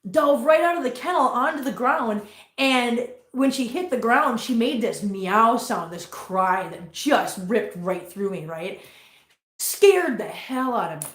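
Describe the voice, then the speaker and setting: A woman hosting a casual livestream from home, chatting with viewers and cooing at her cats in a high sing-song voice. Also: lively intonation, unhurried, a bit bright, roomy sound. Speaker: host. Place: home room full of cats. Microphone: laptop mic.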